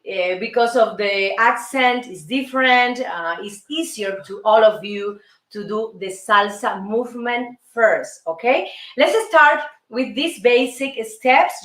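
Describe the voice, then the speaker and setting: A woman's voice: fairly high pitch, slow pace, a bit bright. A Cuban woman with a Spanish accent hosts a dance lesson, playfully counting out steps and beats. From Cuba. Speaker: host and dance teacher. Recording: roomy, mic from a distance, faint music.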